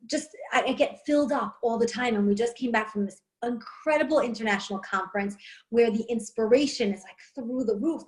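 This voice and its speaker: A woman in her forties with a New York accent and a fairly high voice. She is chatty and animated, sharing a personal story in a casual tone. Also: low-quality recording. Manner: animated and chatty, acts out others' words. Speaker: network marketing presenter. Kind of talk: casual testimonial talk.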